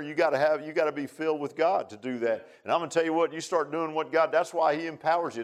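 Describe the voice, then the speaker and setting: Casting note: middle-aged male preacher, somewhat high voice, folksy and rambling, informal sermon. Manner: folksy, rambling, repeats phrases and says "man" often.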